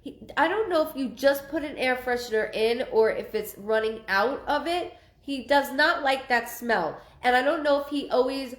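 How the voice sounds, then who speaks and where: A woman's voice: high voice, moderate pace, hardly any pauses, roomy sound. A woman giving a live psychic reading, rambling and repeating herself with many ums. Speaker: psychic medium.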